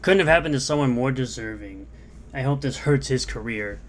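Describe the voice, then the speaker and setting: A man in a played video clip, sarcastic and exasperated as he reacts to posts. His voice is of middling pitch, with faint noise behind it. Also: normal speed. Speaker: online commentator in a played clip.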